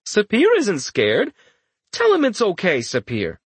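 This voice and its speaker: A man's voice: a little high, sing-song, a little slow, fairly bright tone, slightly rough, dry recording, voice pushed up, full character voice. A man voicing a scheming young male lord who talks with oily, mock-sympathetic condescension. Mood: mock-soothing.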